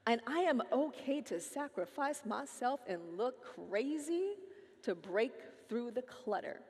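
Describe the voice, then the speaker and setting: A woman's voice: on the high side, lively intonation, a little slow, darkish tone. A woman speaking on stage at a conference to a live audience, playful and teasing, talking straight to the crowd. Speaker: featured speaker. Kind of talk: animated stage talk. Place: large hall with live audience. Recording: long hall reverb.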